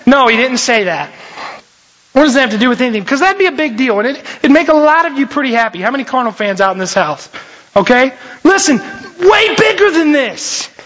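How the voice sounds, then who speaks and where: A young man, a youth pastor, preaching a lively, jokey sermon and often shifting his voice. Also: very high-pitched, a little fast. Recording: dull lo-fi recording.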